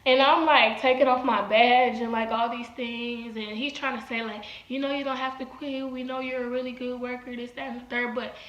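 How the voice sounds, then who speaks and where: A young woman, chatting through a storytime on her phone camera, animated and quick to act out what everyone said. Her voice sits a little high, and the room around her rings with echo. The sound is a bit dull and lo-fi. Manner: animated, quotes people in her retelling, lots of "like" and "y'all". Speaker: vlogger. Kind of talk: casual storytime chat.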